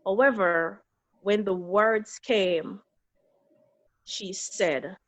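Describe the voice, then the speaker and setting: A middle-aged woman speaks in earnest as she recounts a painful family loss. Her pitch sits mid-range for a woman, and she relives each moment, taking on the voices of the people in it. She sounds like a guest on a talk show. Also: extremely slow. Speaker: guest, bereaved mother. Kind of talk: emotional personal storytelling.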